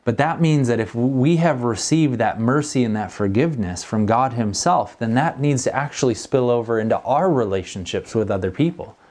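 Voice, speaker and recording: A man's voice: mid-range voice, animated, moderate pace, few pauses, a little mellow. A middle-aged man preaching a sermon as a pastor, in an earnest, conversational way.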